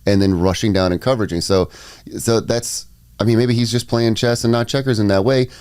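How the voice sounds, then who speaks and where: A man co-hosting a casual sports podcast, full of fillers and restarts but hyped up. His voice sits a little low and sounds dry and close to the mic. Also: fairly even intonation, a little fast, darkish tone, clear, resonant tone, dry recording. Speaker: podcast co-host.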